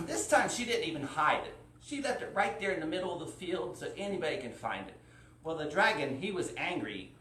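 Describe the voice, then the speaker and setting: A man as children's librarian, reading a story aloud with animated, expressive delivery on a live stream. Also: on the high side, brisk. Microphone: live-stream camera. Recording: roomy echo from far off, faint noise.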